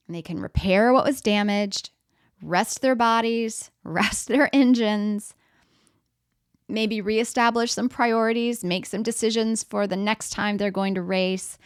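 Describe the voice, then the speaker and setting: A woman's voice: medium pitch, vocal fry, smooth, no room sound, clean studio sound. A middle-aged woman giving a motivational talk in a conversational way, acting out everyday scenes and putting questions to the audience. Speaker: speaker.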